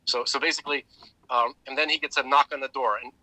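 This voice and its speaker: Bright, rambling man telling a story. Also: mid-range voice, fairly even intonation, quick pace, dry recording, rough recording. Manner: rambling storyteller, many fillers and restarts. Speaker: podcast co-host. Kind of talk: casual chat.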